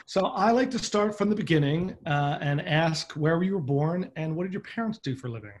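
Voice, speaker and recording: Man, podcast host, emphatic upbeat delivery, slightly high voice. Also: animated, fairly quick, a little hiss or hum. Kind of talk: scripted intro then casual interview.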